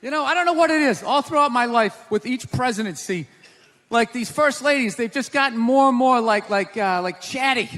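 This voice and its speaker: A male stand-up comedian ranting loudly with mock outrage in a live set. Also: very high voice, expressive, normal speed. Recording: live concert hall with crowd noise.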